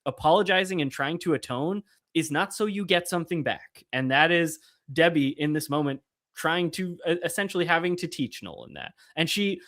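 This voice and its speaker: A man's voice: fairly high pitch, moderate pace. Man recapping a show scene. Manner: animated retelling, quoting characters. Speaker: podcast host. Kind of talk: casual episode breakdown.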